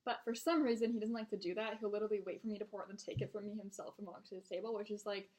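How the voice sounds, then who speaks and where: A young woman who works as a server vents about her customers in a casual storytime. Her voice sits at a mid pitch, and she talks bluntly, exasperated, with plenty of swearing. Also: fairly even intonation, rapid-fire, few pauses, a little mellow. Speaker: restaurant server vlogger.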